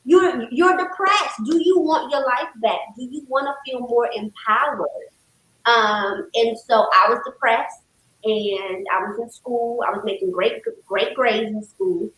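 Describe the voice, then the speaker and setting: Woman counselor telling her story, emphatic and animated, room echo on her. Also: on the high side, a little slow. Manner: lively, calls the host "girl", speaks with emphasis. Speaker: licensed counselor, podcast guest. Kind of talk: casual conversational storytelling. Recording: roomy echo.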